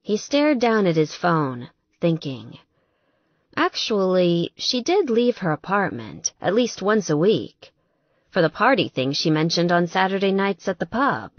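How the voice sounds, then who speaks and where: A woman reads a romance novel as a slow, expressive narrator. Her lowish voice moves a lot in pitch, telling the story with care. The recording is dry and a bit dull. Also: dry recording. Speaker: audiobook narrator.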